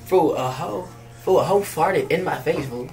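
A man vlogging and telling a crude story in casual chat, animated and tacking "fool" onto nearly every line. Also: fairly high pitch, normal speed, recorded from a distance, soft background music.

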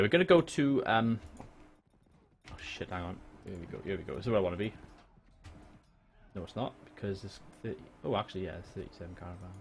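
A young man from Wales commentating his own game on a livestream, with a fairly low voice. He chats, swears and jokes with viewers, picked up on a desk mic with a faint hiss underneath. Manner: chatty, swears, talks to chat and jokes. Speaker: streamer. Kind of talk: casual gaming livestream commentary. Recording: faint background noise.

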